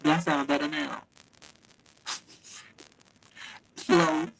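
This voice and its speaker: A man's voice: fairly high pitch, fairly even intonation, very slow, creaky, fairly bright tone, husky, low-quality recording. A man hosting a casual live stream, chatty and affectionate, laughing often and talking straight to his viewers through a phone mic. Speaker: livestream host. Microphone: phone mic, held too close at first.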